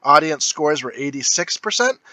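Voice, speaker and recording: A man co-hosts a laid-back movie review podcast, talking in a rambling way full of fillers and quick laughs. His voice is bright, and his pitch moves around a lot. The sound is dry and close, with little room around it. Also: big pitch swings, no echo. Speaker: podcast co-host. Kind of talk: casual podcast chat.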